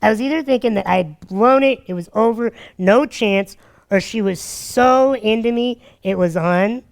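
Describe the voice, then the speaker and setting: High-voiced, gravelly man telling stories. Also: a little slow. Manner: energetic, acts out quotes, laughs often. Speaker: dating advice speaker. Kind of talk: animated storytelling talk.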